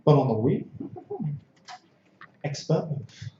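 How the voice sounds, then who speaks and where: Animated man doing stand-up, echoey club. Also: mid-range voice, slow pace, lo-fi sound, a little hiss or hum. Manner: animated, shouting bursts when acting out scenes. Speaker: stand-up comedian. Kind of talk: stand-up comedy set. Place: small comedy club stage.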